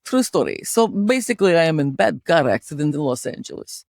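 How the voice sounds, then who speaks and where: Put-on Russian accent, deadpan and fatalistic, no articles, done by a woman host. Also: low-pitched, fairly quick, creaky, no room sound, studio quality, full character voice. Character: gloomy Russian-accented woman telling a story.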